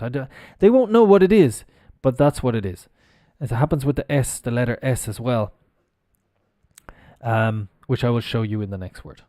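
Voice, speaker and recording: A man's voice: mid-range voice, warm tone, dry recording, clean studio sound. A middle-aged Irish man teaching English pronunciation on a live stream, explaining patiently and spelling words out letter by letter. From Ireland.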